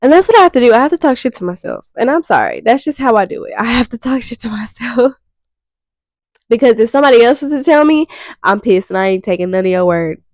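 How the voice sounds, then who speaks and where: A woman's voice: a little high, sing-song, fast, a little mellow, dry recording, low-quality recording. A young woman vlogging, talking frankly and a bit rambly about herself and swearing casually. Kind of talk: candid self-reflective monologue.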